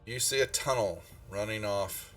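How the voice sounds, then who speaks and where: A man running a tabletop game, rambling as he searches his notes. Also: fairly low pitch. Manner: slow, rambling, searching aloud through notes. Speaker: game master. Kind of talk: narrating a tabletop game on a live stream. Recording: distant mic, faint music behind.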